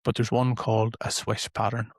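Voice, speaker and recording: A man's voice: mid-range voice, level tone, normal speed, dry recording. A man with an Irish accent, hosting a podcast and giving casual self-help advice in a loose, repetitive way. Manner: conversational, loose and repetitive phrasing. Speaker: podcast host and coach.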